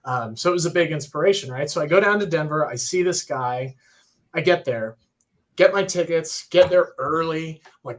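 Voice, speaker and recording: Excited young man telling a story. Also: a little high, fast talker. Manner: excited, animated retelling with many fillers. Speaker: podcast co-host. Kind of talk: casual storytelling on a livestream.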